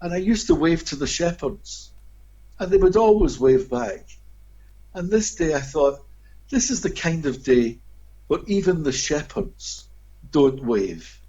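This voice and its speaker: A man's voice: on the high side, measured pace, breathy edge. A man telling vivid anecdotes as a guest in an interview. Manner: animated, expressive storyteller. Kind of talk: anecdotal storytelling. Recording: dull lo-fi audio.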